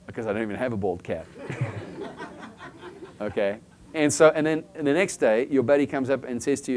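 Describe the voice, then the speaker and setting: A man's voice: medium pitch, animated, brisk, long pauses, darkish tone, a little hiss or hum. A man preaching a conversational sermon, often asking "okay?" and acting out short everyday scenes to make his point. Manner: chatty, keeps checking in with "okay?" and acts out little scenes.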